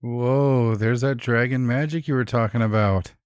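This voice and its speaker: A man co-hosting a podcast, chiming in with quick, amused reactions. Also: mid-range voice, steady tone, smooth, no room sound, clean studio sound. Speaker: podcast co-host. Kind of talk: casual chat.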